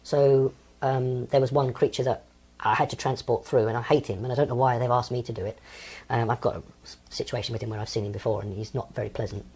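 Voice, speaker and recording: Hesitant older man with a husky voice. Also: mid-range voice, steady tone, fast, hardly any pauses, darkish tone. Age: 60s. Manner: hesitant, with many ums and restarts. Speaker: interview guest. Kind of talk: unscripted recounting of personal experiences.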